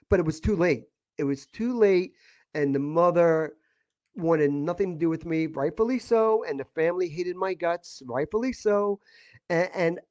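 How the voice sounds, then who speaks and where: A middle-aged man telling a personal story in a casual podcast chat, emotional and halting, often repeating his words. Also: fairly high pitch, darkish tone, no echo. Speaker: guest.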